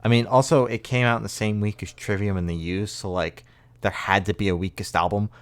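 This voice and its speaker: A man's voice: lowish voice, steady tone, a little fast, no echo. A man co-hosting a music podcast, chatting casually in a rambling way and swearing freely. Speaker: podcast co-host. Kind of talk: casual chat.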